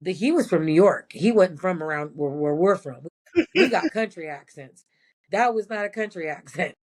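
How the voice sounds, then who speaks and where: A woman's voice: lowish voice, animated, normal speed, a little mellow. A former prison nurse, a woman, telling blunt and profane stories in a casual interview.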